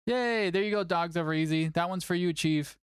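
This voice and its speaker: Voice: mid-range voice, steady tone, fairly quick, smooth, no room sound, studio quality. A tournament stream host chatting casually and playfully, often cooing at a cat between updates. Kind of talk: casual livestream chat.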